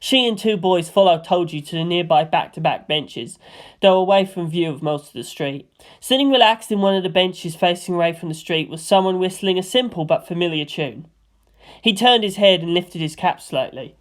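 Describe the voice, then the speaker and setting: A woman reading a fan-written story aloud in a lively, expressive way. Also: on the low side, normal speed. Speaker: fanfic reader.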